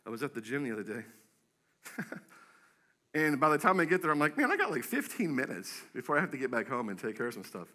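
A man preaching a sermon as pastor, telling stories with animated acted-out voices. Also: medium pitch, quick pace, pauses often. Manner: animated storytelling, acts out quoted voices. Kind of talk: energetic sermon.

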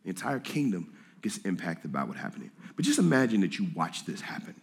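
A man preaching a sermon to a congregation in a lively, conversational way, reading scripture and speaking in casual slang. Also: deep voice, brisk, slightly rough. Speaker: pastor. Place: church hall with congregation.

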